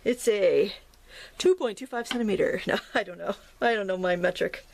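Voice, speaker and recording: A woman's voice: mid-range voice, normal speed, vocal fry, a little mellow. A middle-aged woman from New England, chatting and rambling while she teaches a watercolor painting tutorial, often laughing at herself. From New England, United States. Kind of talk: casual narrated painting tutorial.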